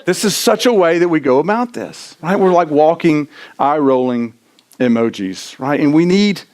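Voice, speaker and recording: Lively, animated man preaching a sermon. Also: a little high, normal speed. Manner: animated, self-deprecating, punctuates with "right?". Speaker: pastor. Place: church sanctuary.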